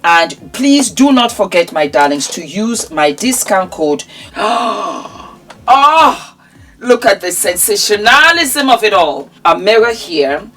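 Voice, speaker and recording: A woman's voice: medium pitch, very animated, unhurried, hardly any pauses, a bit bright. A woman with a Nigerian accent presenting products in a chatty vlog, effusive and fond of calling viewers "my darling".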